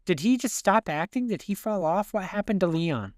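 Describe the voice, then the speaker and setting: A man co-hosting a podcast in casual movie chat, animated and swearing freely as he talks. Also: sits high, normal speed, no echo, clean studio sound. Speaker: podcast co-host.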